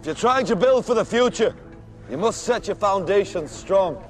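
A man's voice: high voice, animated, moderate pace. An actor playing a defiant medieval knight who addresses a king with a rousing, declamatory speech. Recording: film clip with faint music.

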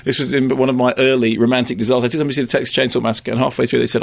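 A man's voice: mid-range voice, little pitch movement, very fast, creaky. A middle-aged man, co-hosting and rambling wryly through a film chat. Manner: rambling, digressive, wry. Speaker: film critic and co-host. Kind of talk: casual podcast chat.

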